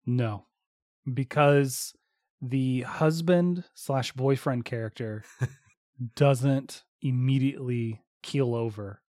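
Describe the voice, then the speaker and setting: A man co-hosting a casual podcast, talking in a halting way with dry humor and many restarts. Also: medium pitch, darkish tone, no room sound. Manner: hesitant, repeats words, dry humor. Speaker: podcast co-host.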